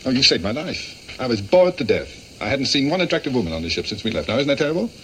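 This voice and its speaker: An actor playing a charming playboy who flirts with quick, smooth banter in classic Hollywood film dialogue. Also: male voice, medium pitch, sing-song, a bit bright, slight background noise, low-quality recording. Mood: flirtatious. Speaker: film actor in a romance scene.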